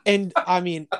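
A man's voice: high voice, vocal fry, clean tone, no room sound. Swearing man telling stories, dry sound. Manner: animated storytelling, heavy swearing, laughs often. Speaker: podcast co-host. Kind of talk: casual chat.

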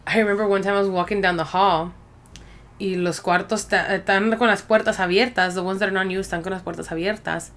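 Telling stories in a casual chat, a woman co-hosting a podcast from Mexico switches back and forth between English and Spanish and swears often. She talks fast in a mid-range, slightly bright voice with fairly even intonation.

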